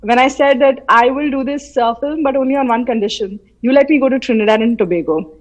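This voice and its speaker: A woman's voice: sits high, fast, poor audio. A woman from central India, a guest in a remote interview, telling a story with animation and quoting remembered voices. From Madhya Pradesh, India. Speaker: guest, film artist. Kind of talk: casual interview. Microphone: remote call from her home city.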